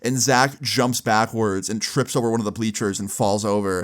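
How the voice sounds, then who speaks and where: A man's voice: fairly low pitch, steady tone, normal speed. A young man telling a casual story full of crude slang, filling his talk with "like". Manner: crude, casual, many "like" fillers.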